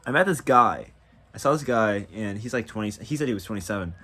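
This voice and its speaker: A tired young man talking in a casual diary vlog, halting and full of fillers and restarts. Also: lowish voice, animated, sharp tone, husky. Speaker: vlogger.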